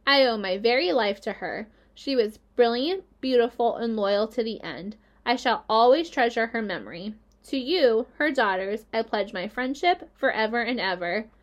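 A woman voicing a gentle, earnest young male pig who speaks warmly and formally. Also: a little high, animated, moderate pace, hardly any pauses, natural voice.

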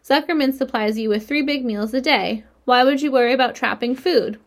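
A wise and kindly spider in a storybook, calm and measured, explaining things with patient, gently teasing ease, voiced by a woman reader. Her voice sits close to the narrator's own, just a touch steadier and lower.

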